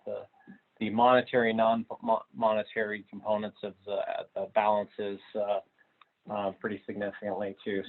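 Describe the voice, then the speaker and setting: Flat-voiced man chatting on a webinar call. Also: lowish voice. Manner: casual, joking, halting. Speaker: webinar co-presenter. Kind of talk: webinar discussion. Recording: tinny phone-like call audio.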